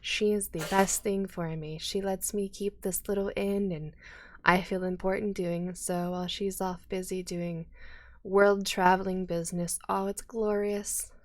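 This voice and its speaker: A woman's voice: medium pitch, level tone, unhurried, no echo, lightly acted. A woman voicing a sly, flippant male drow innkeeper in a tabletop game, speaking in an airy, coy, chatty way. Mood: adoring.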